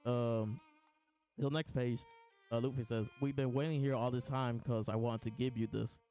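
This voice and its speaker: A man hosts a casual live reaction to a comic chapter, reading lines aloud between laughs and restarts. His mid-range voice is mellow and steady, at a moderate pace, with faint music in the background.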